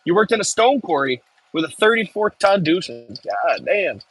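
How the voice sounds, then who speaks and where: Live-streaming from his excavator, a farm worker from the Midwest United States reads comments aloud and riffs on them jokingly in his regional accent. His voice is high-pitched, husky and a bit bright, very animated at a moderate pace, though the audio is poor.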